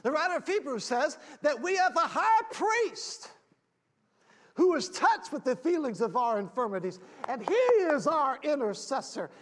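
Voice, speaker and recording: A man preaching a sermon as pastor, rising to loud shouts and then dropping back to quiet, plain talk. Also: extremely high pitch, lively intonation, moderate pace. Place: church.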